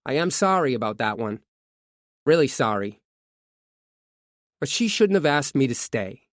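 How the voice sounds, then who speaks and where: Casting: male audiobook narrator, mid-pitched, measured confessional reading, dry close-miked sound. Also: dry recording. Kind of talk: scripted true crime narration.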